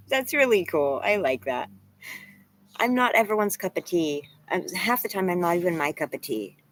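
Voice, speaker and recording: Crying through a casual vlog, a woman of about forty-two rambles tearfully and candidly, swearing now and then as she reads chat. Her voice sits fairly low and is animated at a normal speed, though the audio quality is poor.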